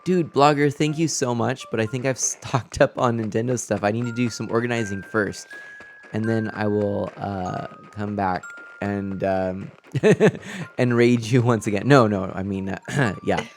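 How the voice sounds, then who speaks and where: Soft music sits behind a man's lowish, fairly even voice as he streams a game from home. He talks casually and unhurriedly into his new desk mic, stumbling over words as he plays.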